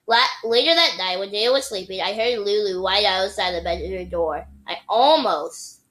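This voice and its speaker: A woman's voice: medium pitch, a bit bright, poor audio. A woman reading a children's book aloud expressively, with playful sound effects and occasional slips. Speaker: reader.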